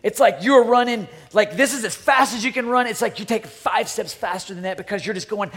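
A man preaching a sermon, swinging between loud urging and hushed near-whispers, often repeating words as he restarts phrases. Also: high voice, a little fast, few pauses. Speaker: pastor.

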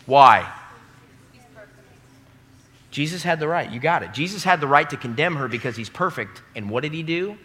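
Young male preacher, bright and forceful, emphatic sermon delivery with crowd call-and-response, long hall reverb. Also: fairly high pitch. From American Midwest. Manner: emphatic, rising to loud peaks, calls the audience to repeat lines. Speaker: pastor. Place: large hall before a live congregation.

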